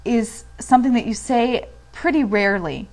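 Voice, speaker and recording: A woman's voice: fairly high pitch, moderate pace. A young woman from the United States giving a chatty pronunciation lesson on video, with frequent fillers. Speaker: language teacher.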